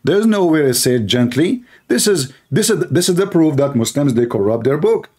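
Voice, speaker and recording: A man's voice: on the high side, animated, a little mellow, slightly rough. A man whose first language is Arabic, hosting a heated call-in debate and pressing his questions again and again. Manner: insistent, repeats questions rapidly, interrupts. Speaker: host of a call-in religious debate.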